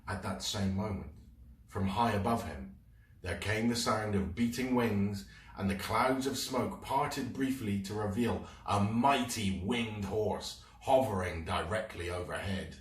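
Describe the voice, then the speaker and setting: Slow, low-voiced man reading aloud. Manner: expressive, slow read-aloud. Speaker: storyteller. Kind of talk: reading a children's book aloud. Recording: roomy room, mic at a distance.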